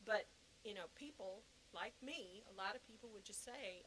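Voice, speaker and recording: A woman's voice: medium pitch, normal speed, background noise. A woman in her fifties talks in a loose, rambling interview style. She is openly emotional and breaks into laughter often, drifting between asides as she goes. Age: 50s. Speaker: podcast guest. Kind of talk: casual interview chat.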